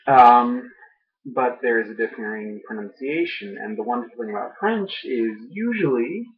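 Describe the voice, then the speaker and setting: A man's voice: medium pitch, expressive, moderate pace. A young man vlogging casually, groggy after dental work, rambling with many ums and uhs. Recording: muffled lo-fi home audio.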